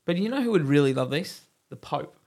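A man's voice: on the high side, expressive, fairly quick, darkish tone. A man telling a joke as a stern cardinal. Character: older male cardinal in a joke, stern then eager.

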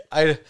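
A man co-hosting a podcast in casual chat, dropping wry, joking asides. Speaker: podcast co-host.

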